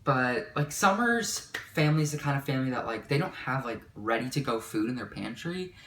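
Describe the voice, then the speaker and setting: A woman's voice: extremely low pitch, animated, brisk, a bit bright, a little hiss or hum. A young woman vlogger telling a rambling storytime, with constant "like" fillers. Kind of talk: storytime vlog. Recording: echoey room.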